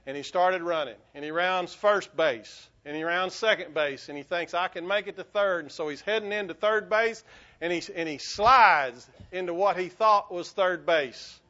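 A man's voice: high-pitched, normal speed, sharp tone, dull audio. A man preaching a sermon, telling a story in a rambling way full of restarts and fillers. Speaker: pastor.

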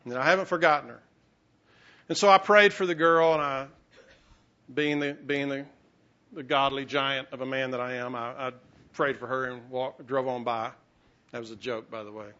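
A man's voice: medium pitch, fairly even intonation, normal speed, pauses often, pushed and bright. A man preaching a sermon, telling a personal story with self-mocking humor and acting out the voices he quotes. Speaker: pastor. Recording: muffled, lo-fi sermon recording.

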